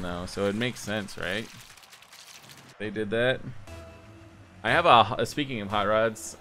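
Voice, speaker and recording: A young man giving casual live commentary while playing a game online, rambling and self-mocking, with sudden excited outbursts. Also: fairly low pitch, slight background noise. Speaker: gaming streamer.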